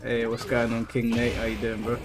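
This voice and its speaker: This streamer, a man in his thirties, talks in a mid-range monotone at a slightly fast clip. He's easygoing, reading chat aloud and frequently stumbling and repeating himself, with game music in the background.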